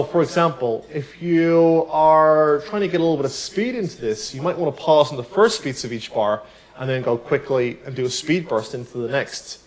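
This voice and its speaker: Relaxed man teaching piano. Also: a little high, rough recording. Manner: relaxed, explanatory, counts beats aloud while playing. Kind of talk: piano tutorial. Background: piano playing.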